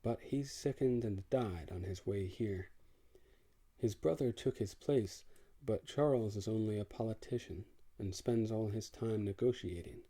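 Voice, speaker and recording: A man's voice: lowish voice, a little slow, warm tone. A man reading an audiobook, voicing a brusque, disillusioned crusader prince in a blunt, sardonic way. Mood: brusque, weary.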